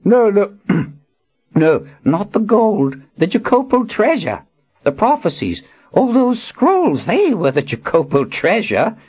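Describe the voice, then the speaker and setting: A man voicing a frail, excitable old male wizard with a thin, squeaky voice. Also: takes it slowly, husky, lo-fi sound, full character voice. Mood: fussy excited.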